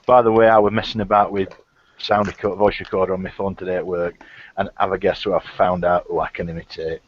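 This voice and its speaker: A man with a low voice trading blunt, crude remarks on a podcast. His audio is lo-fi with a faint background noise. He talks plainly and pushes his point. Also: level tone, fast talker. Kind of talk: casual banter.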